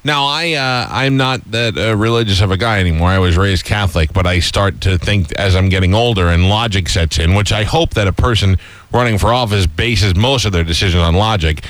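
A man hosts a casual radio show, rattling off jokes at a quick clip. His voice is on the low side. The studio mic is close and dry. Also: a bit bright, dry recording. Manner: joking, rambling, fast. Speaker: radio host.

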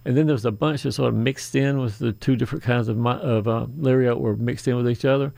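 A man's voice: mid-range voice, steady tone, fast, gravelly, mellow, no room sound. A man hosting a call-in garden radio show, chatting in a folksy, rambling way with asides.

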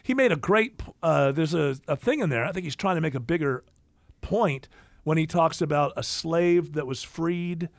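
A man's voice: fairly high pitch, lively intonation, normal speed, creaky, no room sound. A man hosting a casual podcast chat, talking in a rambling way with many restarts. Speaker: podcast host.

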